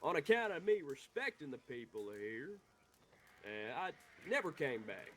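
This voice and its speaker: A man's voice: fairly high pitch, sing-song, unhurried, a bit bright, slight background noise. A man voicing a hot-headed young Western outlaw who rambles, swears and talks in heated bursts. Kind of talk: Western role-play.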